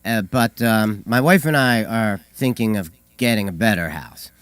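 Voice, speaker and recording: A hoarse man co-hosting a call-in show, telling stories with hesitant fillers and dry humor. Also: fairly low pitch, moderate pace, fairly bright tone, no room sound. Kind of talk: casual radio chat.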